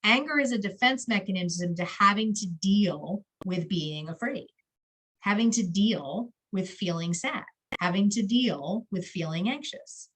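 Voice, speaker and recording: A woman's voice: medium pitch, expressive, a little slow, a bit bright, husky, low-quality recording. A woman school counselor giving a conversational talk to parents, often checking in with "right?" and acting out what a child or parent might say. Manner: acts out a child's and a parent's words. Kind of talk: presentation to parents.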